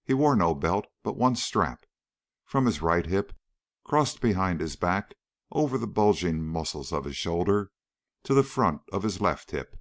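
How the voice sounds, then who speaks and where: A man narrating an audiobook in a measured storytelling manner. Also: sits low, animated. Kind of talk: scripted narration.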